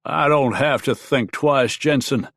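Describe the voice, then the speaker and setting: A man voicing a stern, scheming army colonel in an audiobook, with a sharp, strident, clipped delivery. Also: mid-range voice, expressive, no echo, clean studio sound. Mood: cold. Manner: cold, clipped, deliberate. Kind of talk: audiobook character voice.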